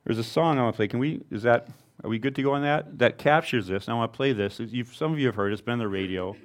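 A man preaching a sermon to his congregation in a relaxed, conversational way, with informal asides and self-deprecating humor. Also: medium pitch, fast. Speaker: pastor.

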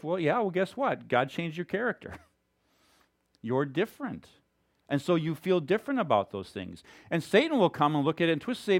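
A man's voice: fairly high pitch, very animated, normal speed. A male pastor giving a conversational, emphatic sermon.

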